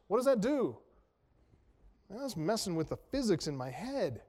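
High-voiced preacher in a reverberant hall. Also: male voice, big pitch swings, moderate pace, pauses often, a little mellow, breathy edge. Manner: conversational, self-deprecating humor, rhetorical questions. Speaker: pastor. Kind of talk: expository sermon. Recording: long reverb of a large hall.

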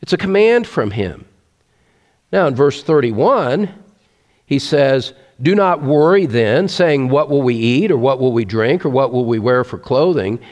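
A man's voice: mid-range voice, animated, a little slow, darkish tone. Earnest male preacher in a reverberant hall. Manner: earnest, emphatic, repeats key phrases. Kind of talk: sermon.

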